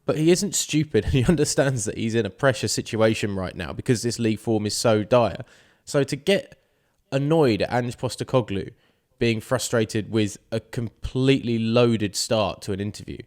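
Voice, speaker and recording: A man co-hosting a casual sports podcast, arguing his points heatedly. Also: mid-range voice. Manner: heated, argumentative. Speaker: podcast co-host.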